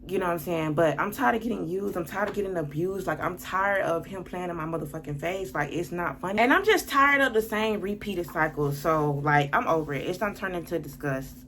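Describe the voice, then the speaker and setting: Worked-up woman venting, low voice. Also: brisk, few pauses. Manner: blunt, profane, venting and worked up. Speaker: vlogger telling a story. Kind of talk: casual storytime monologue.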